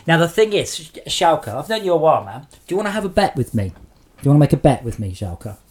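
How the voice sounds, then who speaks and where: A man's voice: on the high side, sing-song, fast, a little mellow, husky. A man streaming a game live and sarcastically scolding trolls in his chat.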